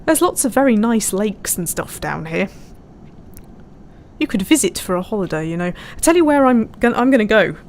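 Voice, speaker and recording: Woman streamer, chatty and giggly, reading chat out loud. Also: medium pitch, very animated, moderate pace, slight background noise. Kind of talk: casual live-stream commentary.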